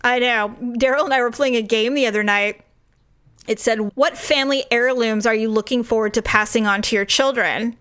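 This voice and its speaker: Fortyish woman hosting a chatty podcast, laughs a lot, kinda high voice. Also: a little fast, clear, resonant tone. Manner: animated, laughing storyteller. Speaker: podcast co-host. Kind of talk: casual chat with a sibling.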